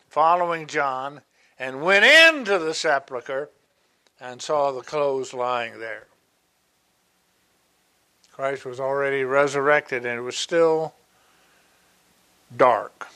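Slow, bright-voiced man preaching. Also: a little high, clear, resonant tone. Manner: slow, deliberate Bible exposition with asides. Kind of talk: sermon.

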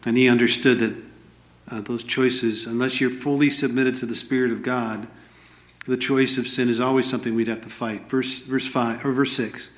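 A man preaches in an earnest, explaining way and reads scripture aloud. His voice sits at an ordinary middle pitch. The room around him rings with a noticeable echo. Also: fairly even intonation, moderate pace. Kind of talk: sermon.

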